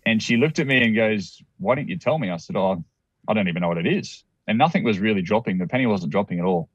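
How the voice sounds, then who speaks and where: A man's voice: on the low side, expressive, fast talker, breathy edge, dry recording, dull audio. An Australian man telling a personal story as a guest, rambling with restarts and acted-out quotes.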